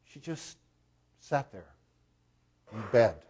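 A man with a husky, slightly breathy voice preaching to his congregation. He tells a story in plain, conversational terms and keeps putting questions to the listeners. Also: medium pitch, animated, slow, a little mellow. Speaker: pastor. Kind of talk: sermon.

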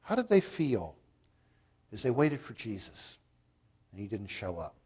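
Man, pastor, sermon, husky voice, conversational storyteller, asks the congregation questions. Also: on the low side, very animated, unhurried, darkish tone.

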